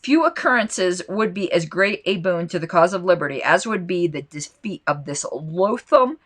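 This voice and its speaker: A woman's voice: lowish voice, animated, moderate pace. Impassioned woman podcaster with a lisp. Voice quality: slight lisp. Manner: impassioned, indignant, rambling with fillers. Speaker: podcast host. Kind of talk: solo podcast commentary, reading aloud.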